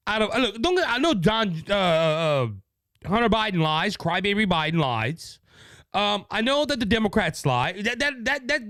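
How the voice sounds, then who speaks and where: Cajun man, high lively voice, dry close sound, fired-up political host rant. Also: no echo. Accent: Cajun Louisiana. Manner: indignant, repetitive, mocking. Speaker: political talk show host. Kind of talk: opinionated political commentary.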